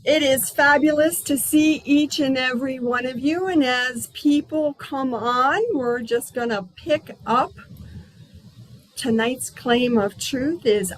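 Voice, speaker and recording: Over a video call from her outdoor patio, a woman leads a spiritual healing circle, talking in a gentle, unhurried, chatty manner. Her voice is high-pitched, and the recording is rough.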